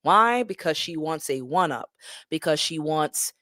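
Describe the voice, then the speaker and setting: A woman's voice: low-pitched, a little slow, dry recording, studio quality. A woman hosting a live stream, chatting and laughing with viewers. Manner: animated, laughs often, talks straight to viewers. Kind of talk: casual commentary chat.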